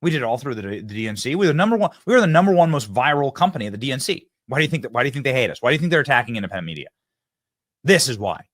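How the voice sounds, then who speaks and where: A man hosting a political talk show, giving an energetic monologue that repeats phrases and acts out debate lines. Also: mid-range voice, very fast. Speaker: political commentator and show host.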